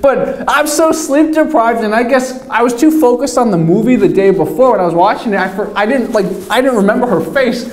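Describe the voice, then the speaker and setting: A man's voice: very high voice, fairly quick, hardly any pauses. A young man casually telling a rambling, self-mocking story with plenty of swearing. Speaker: vlogger. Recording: echoey room.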